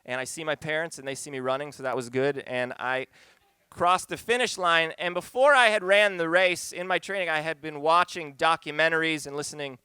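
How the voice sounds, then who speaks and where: Bright, crisp-voiced male storyteller. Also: on the high side, dry recording. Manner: conversational, wry, earnest. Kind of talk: live personal storytelling. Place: pub stage, live event.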